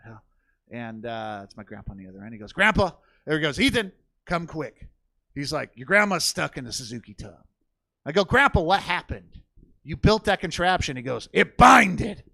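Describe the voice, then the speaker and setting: With a slightly high, sing-song voice, a young man delivers a crude family story at normal speed as part of a stand-up set. His tone is bright and forceful as he swears freely and does impressions of the people involved. It's a dry recording from a comedy theater stage.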